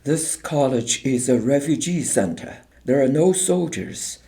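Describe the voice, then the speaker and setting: A man's voice: mid-range voice, expressive, moderate pace, warm tone, pitched above the performer's own voice, lightly acted. A man voicing a brave woman teacher who speaks in demanding, urgent tones.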